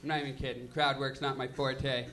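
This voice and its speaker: Bright-voiced young comic. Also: male voice, medium pitch, level tone, brisk. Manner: self-deprecating, loose, filler-heavy delivery. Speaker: stand-up comedian. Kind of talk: stand-up comedy set. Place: comedy lounge stage.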